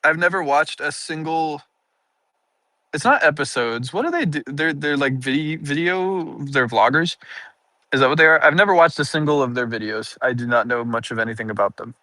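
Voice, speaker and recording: Chatty young man, bright and dry. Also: fairly high pitch, expressive, moderate pace, no room sound. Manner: rambling and self-amused, laughing often. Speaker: streamer. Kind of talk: casual livestream chat.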